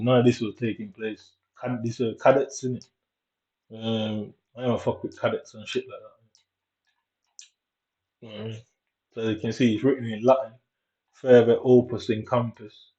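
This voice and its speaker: A man's voice: mid-range voice, warm tone, muffled recording. Rambling young man. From Jamaica. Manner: rambling, constant tag questions and fillers. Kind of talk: casual storytelling vlog, walking tour of his old school.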